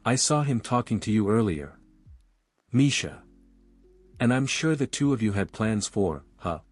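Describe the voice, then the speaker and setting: Brief: man reading a wary, flustered young woman, nervous comebacks, low and dry. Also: animated, husky, no echo, faint music behind. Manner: nervous, quick retorts, trying to brush off.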